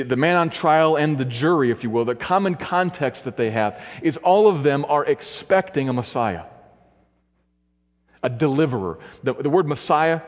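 A man preaching a sermon and retelling a story. He acts out the quoted voices by shifting his pitch. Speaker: pastor. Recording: long hall reverb.

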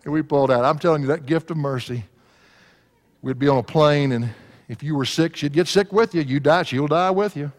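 Folksy preacher in echoing hall. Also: male voice, a little high, a little fast. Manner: folksy, laughs at his own stories. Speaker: pastor. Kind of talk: sermon with storytelling. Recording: long hall reverb.

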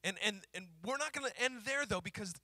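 A male pastor preaching a sermon who slows down to repeat key phrases for emphasis and tells stories in a conversational way. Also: sits high, expressive, pushed and bright, no room sound, clean studio sound. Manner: conversational storytelling with fillers.

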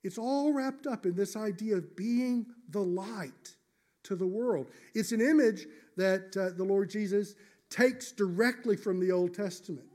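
A male pastor preaching a sermon in church, measured and emphatic, slowing down on key phrases. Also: sits high, darkish tone.

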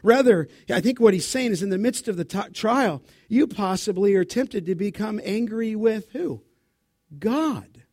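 A high-voiced man preaching in church. He quizzes his listeners and fills in the answers himself, then lifts into loud, dramatic scripture reading. The recording is close and dry, with almost no room sound. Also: expressive, unhurried, no room sound. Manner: asks the congregation questions and answers them; dramatic Bible reading, rising loud for quotes. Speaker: pastor. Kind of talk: sermon.

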